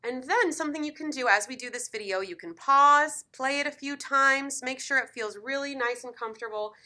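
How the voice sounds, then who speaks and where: A woman's voice: high-pitched, fairly quick, bright, forceful tone. A woman teaching piano in a lesson video, encouraging and counting beats aloud.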